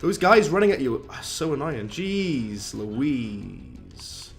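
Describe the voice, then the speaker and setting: A man's voice: mid-range voice, animated, slow, vocal fry. Chatty man streaming a game. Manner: chatty, rambling, reads chat aloud, British slang. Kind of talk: casual live-stream gameplay commentary. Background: game music.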